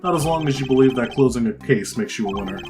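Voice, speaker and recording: A man voicing a dignified, measured prosecutor. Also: medium pitch, animated, close to an everyday voice. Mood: calm. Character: composed male prosecutor, proud and principled. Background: game music.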